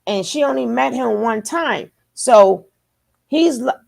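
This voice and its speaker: Slow, gravelly woman doing reaction commentary. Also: on the high side, animated. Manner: emphatic, conversational. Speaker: reaction channel host.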